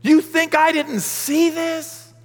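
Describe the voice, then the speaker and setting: A man voicing God, speaking slowly and sternly to a wrongdoer. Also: extremely high pitch, flat delivery, in a large hall, pitched above the performer's own voice.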